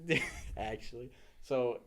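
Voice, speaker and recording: A man's voice: mid-range voice, takes it slowly, a bit bright. A young man hosting a podcast, telling school stories in casual chat, laughing often and saying dude a lot. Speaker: podcast host.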